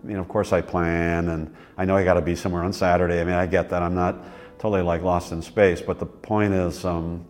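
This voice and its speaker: A man in his sixties, interviewed, telling his life story in a rambling, relaxed way with many fillers. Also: deep voice, fairly quick, soft background music. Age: 60s. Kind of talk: reflective personal storytelling.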